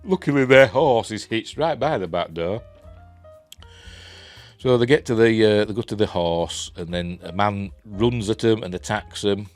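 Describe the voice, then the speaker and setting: Low-voiced Yorkshire man rambling through a review. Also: a little slow. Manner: rambling, chuckling, self-deprecating, many fillers. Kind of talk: casual spoken review. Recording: faint music in the background.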